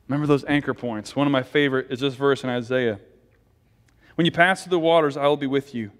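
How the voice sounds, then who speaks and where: A man's voice: medium pitch, fast talker, in a large hall. A man giving a conversational sermon as pastor, asking the congregation questions and leading a closing prayer. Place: church sanctuary.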